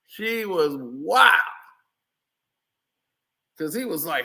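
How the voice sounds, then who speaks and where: High bright-voiced man chatting casually. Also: takes it slowly, gravelly, pauses often. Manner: chatty, laughs often, loose slangy storytelling. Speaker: vlogger. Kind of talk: casual commentary over old photos.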